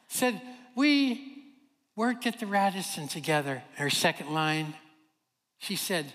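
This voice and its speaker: A man from Kentucky preaching a sermon, telling a personal story in an animated way and acting out the voices of the people in it. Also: sits high. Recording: long hall reverb.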